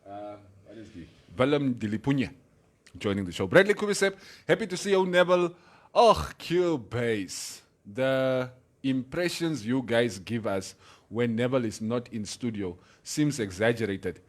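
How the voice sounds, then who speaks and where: A man's voice: medium pitch, expressive, normal speed. A man with a Namibian accent hosting a casual morning radio show, laughing often and reading out listener comments. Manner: laughing, mixes English and Afrikaans, reads listener comments. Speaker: radio host.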